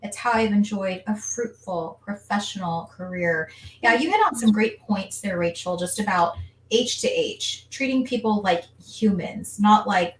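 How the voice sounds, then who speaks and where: A woman hosting a casual live stream, lively, reading viewer comments aloud. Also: medium pitch, moderate pace, slight background noise. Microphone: video call. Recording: echoey room, distant from mic.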